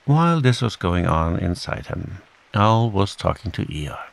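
A man reads a bedtime story slowly and calmly, with a lowish, gravelly voice that stays lively in its melody. Steady rain falls behind him. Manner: slow, soothing, gently voices the characters. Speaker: audiobook narrator. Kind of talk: calm bedtime story reading.

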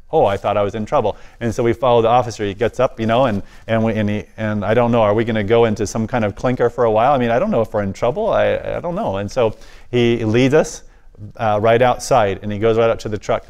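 A man giving a personal testimony as a guest speaker, animated and often dropping his voice low for the quiet moments. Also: fast talker.

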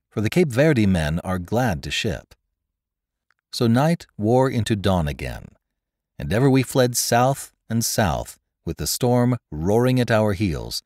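A man narrates an adventure story with dramatic flair. His voice sits very low yet moves with lively, wide swings of pitch. The sound is dry and close, with no room echo. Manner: dramatic storytelling, dropping low and quiet for dialogue. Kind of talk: scripted narration.

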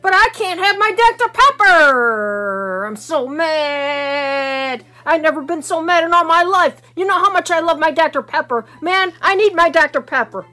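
A woman's voice: high-pitched, lively intonation, slow, fairly bright tone, exaggerated voice. A woman voicing a grumpy man who complains dramatically about running out of his favorite soda, in a homemade skit. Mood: whining.

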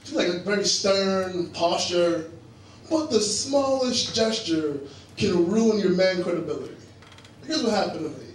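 High-voiced man doing stand-up. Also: measured pace. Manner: animated, acts out characters in raised voices. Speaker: stand-up comedian. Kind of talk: stand-up comedy set. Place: comedy club stage. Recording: echoey club sound from a distant mic with loud crowd noise. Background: audience laughter.

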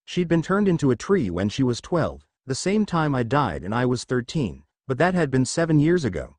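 Man, fan fiction narrator, casual storytelling, lively pitch, dry recording. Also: moderate pace, few pauses, no echo.

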